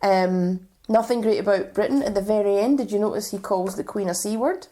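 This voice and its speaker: A woman's voice: mid-range voice, fairly quick, mellow. A woman co-hosting a casual podcast, chatting and reading lists from her notes with frequent ums. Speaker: podcast co-host.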